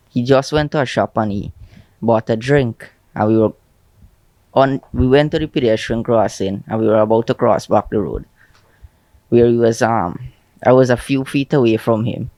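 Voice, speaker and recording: A man with a Guyanese accent, an eyewitness telling a reporter how his friend was struck, shaken and halting. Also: mid-range voice, a little mellow, no echo. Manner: shaken, halting, repeating himself. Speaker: eyewitness interviewed. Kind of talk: news interview.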